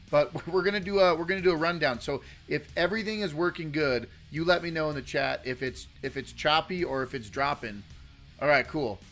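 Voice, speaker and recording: Man, live-stream host, casual rambling talk, fairly high voice, faint music underneath. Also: a bit bright. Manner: rambling, lots of fillers and restarts, chatty with viewers. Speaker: political livestream host.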